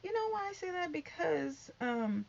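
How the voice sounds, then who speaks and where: A middle-aged woman giving chatty, sassy gossip commentary, sometimes dropping to hushed asides. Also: high-pitched, big pitch swings, moderate pace, creaky, lo-fi sound, slight background noise. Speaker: commentary vlogger.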